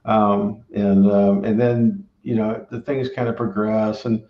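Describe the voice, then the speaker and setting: Speaking at a measured pace in a low, fairly flat voice, a man who owns a barbecue restaurant and works as its pitmaster gives casual, rambling advice laden with filler. He keeps asking "right?" after his sentences. The recording sounds roomy, dull, and lo-fi.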